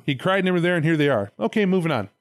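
Animated profane man telling a tale. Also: a little high, rapid-fire, no echo, studio quality. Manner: profane, animated, acts out voices in retellings. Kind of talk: casual storytelling chat.

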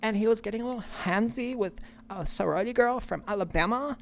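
A man's voice: high-pitched, quick pace, vocal fry, a bit bright, a little hiss or hum, pitched above the performer's own voice. A man voicing a gossipy young valley girl woman who rambles breathlessly, full of fillers.

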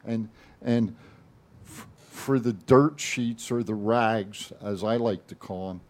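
A man's voice: on the low side, slow pace. Blunt folksy older man. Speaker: panelist nicknamed Chief. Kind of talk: casual podcast chat.

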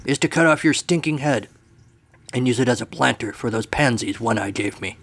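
A man voicing a gruff, dim-witted pirate captain who talks in pirate slang. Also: mid-range voice, brisk, a bit bright. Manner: pirate talk, growling.

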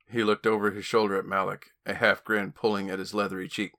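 A man, an author and podcast host, reading his own novel aloud with steady storytelling. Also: on the low side, fast, hardly any pauses. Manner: steady storytelling with occasional stumbles.

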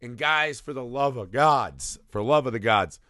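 A man hosting a podcast in casual chat, lively and swearing freely, laughing often. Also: medium pitch, moderate pace, no room sound, studio quality. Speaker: podcast host.

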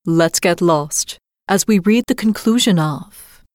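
A woman with a lowish voice narrates a fairy tale as a storytelling host, reading in a measured and expressive way. The sound is dry and close, with no room around it. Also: no echo.

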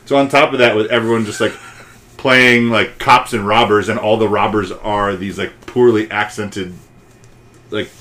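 A man's voice: lowish voice, fairly even intonation, normal speed, pushed and bright. A man co-hosting a movie podcast, ranting and swearing freely in casual discussion. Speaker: podcast co-host.

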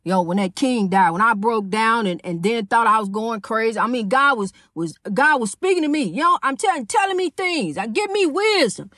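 Podcast host, woman in her 50s, high voice, preachy and repetitive, dry sound. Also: animated, moderate pace, hardly any pauses, fairly bright tone, dry recording. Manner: preachy, repetitive, calls listeners honey. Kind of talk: casual preachy monologue.

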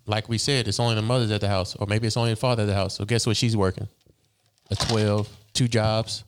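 Young man, quick talker, rambling explanations, casual debate. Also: lowish voice, little pitch movement. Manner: rambling, explanatory, insists on finishing.

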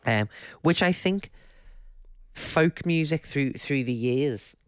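A man's voice: on the high side, expressive, slow pace, clean tone, no echo, clean studio sound. A man with a Liverpool accent co-hosting a casual podcast, joking and chatty. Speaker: podcast co-host.

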